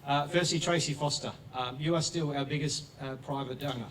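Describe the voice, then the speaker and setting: A man with an Australian accent giving a grateful speech at a live event as a charity co-founder, trailing off softly with fillers. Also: fairly high pitch, fairly even intonation, fairly quick, very noisy. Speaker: charity co-founder thanking supporters. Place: event hall with an audience. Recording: distant mic in a crowded hall.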